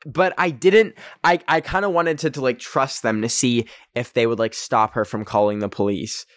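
Heard in clean studio sound without room sound, this young man from Canada speaks at normal speed with a medium pitch. He hosts a podcast and tells a casual story animatedly, using "like" heavily and acting out quotes loudly.

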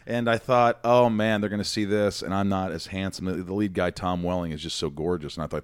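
A man's voice: deep voice, steady tone, brisk, clean tone, no echo. A middle-aged man, a podcast guest, telling self-deprecating stories in casual chat.

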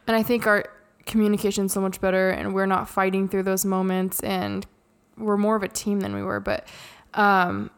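A young woman co-hosting a podcast, chatting casually and telling stories in an animated way. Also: medium pitch, normal speed. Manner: chatty, animated storytelling with frequent laughs. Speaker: podcast co-host. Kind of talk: casual chat.

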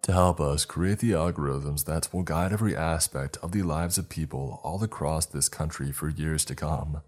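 Guy reading a proud smug official, very deep husky voice, lecturing calmly, music behind. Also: moderate pace. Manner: smooth, self-assured, lecturing. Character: beaming smug male official, secretive and proud. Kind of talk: read-aloud dialogue in a horror story.

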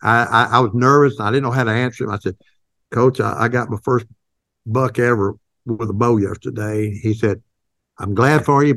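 An older man, a company founder, telling a folksy, halting story in an interview, with many restarts. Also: medium pitch, fairly bright tone, dry recording, clean studio sound.

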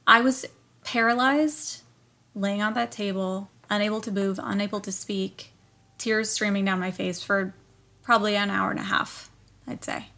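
A woman's voice: medium pitch, steady tone, normal speed, creaky, sharp tone. A woman recounting a personal experience as a podcast guest, emotional, swearing and full of fillers. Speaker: guest singer-songwriter. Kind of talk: telling a personal story.

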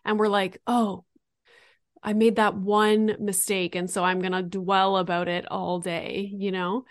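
A woman's voice: medium pitch, little pitch movement, a little slow, no echo. A woman hosting a podcast in casual chat, talking freely and filling her speech with "like". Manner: chatty, says "like" often. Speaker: podcast host.

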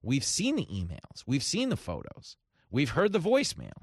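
A man's voice: mid-range voice, huge pitch swings, moderate pace, breathy edge, dry recording, studio quality. A man hosting a talk radio show, delivering an emphatic, sarcastic monologue.

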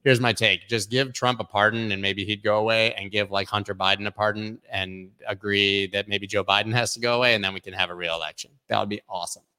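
A man's voice: fairly low pitch, steady tone, fast talker, hardly any pauses, pushed and bright, smooth. Chatty opinionated man hosting crypto news. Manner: chatty, opinionated, lots of fillers and asides. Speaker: crypto news show host. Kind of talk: casual news commentary. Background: construction noise.

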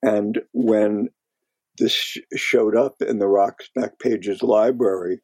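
Older man, podcast guest, slow reflective reminiscing, raspy, dry recording. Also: fairly low pitch, fairly even intonation, darkish tone, no room sound. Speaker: guest, former music critic. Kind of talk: casual podcast conversation.

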